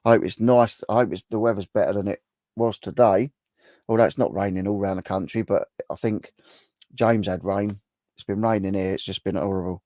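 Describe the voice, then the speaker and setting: A middle-aged man hosts a laid-back livestream, chatting at length and often restarting his sentences. His voice sits on the low side. The sound is dry, with no room echo. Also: fairly even intonation, fairly quick, warm tone. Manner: chatty and rambling, with many restarts. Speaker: livestream host. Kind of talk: casual live chat reading viewer comments.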